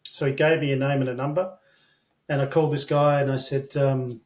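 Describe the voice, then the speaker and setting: A man's voice: medium pitch, little pitch movement, fairly quick. A man with an Australian accent, an interview guest telling stories at length, full of ums and blunt swearing. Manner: rambling, filler-heavy, blunt and swearing. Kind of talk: casual storytelling. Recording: echoey room.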